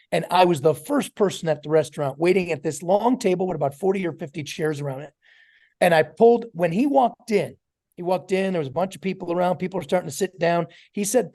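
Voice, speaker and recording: Middle-aged new guy, motivational story talk to his team, acts out the voices, warm mellow tone. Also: on the high side, quick pace. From New York. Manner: animated storyteller acting out dialogue. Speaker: network marketing trainer.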